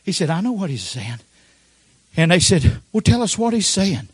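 An older man preaching a Pentecostal sermon, telling folksy stories with frequent amens and sudden shouted outbursts. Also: high voice, sing-song, normal speed, husky, dry recording, clean studio sound.

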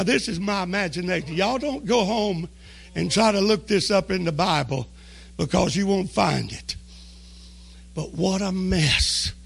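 Man, preacher, gravelly, husky, fervent shouting sermon, drawn-out emphasis. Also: sits high. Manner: fervent, shouting and crying out phrases; drawls key words slowly for emphasis. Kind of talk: impassioned sermon.

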